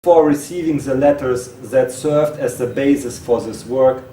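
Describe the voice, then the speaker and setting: A man reads a prepared text aloud, breaking off now and then to repeat a word or restart a phrase. His voice is mellow and mid-pitched. He sits at a distance from the mic in an echoey room with a faint hiss behind him. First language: Russian. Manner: halting, repeats words and restarts. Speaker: presenter. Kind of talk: reading a text aloud with asides.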